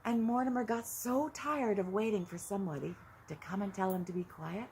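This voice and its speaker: A woman telling a children's story in an animated way, gasping and asking the listeners questions, with counting and songs. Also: mid-range voice, a little fast. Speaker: early-years educator. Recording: background hiss.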